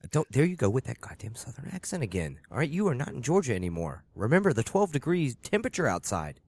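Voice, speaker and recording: Teasing, foul-mouthed man with animated speech. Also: mid-range voice, quick pace, dry recording. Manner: teasing, profane, laughs often. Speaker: podcast co-host. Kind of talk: casual chat.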